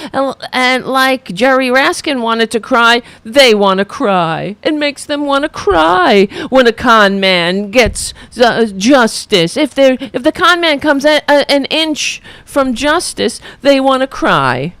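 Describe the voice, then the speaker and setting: Sarcastic woman ranting, lively voice. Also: a little high, slow, few pauses, clear, resonant tone, dry recording. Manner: mocking, scornful, blunt. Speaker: political commentary host. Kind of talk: sarcastic political rant.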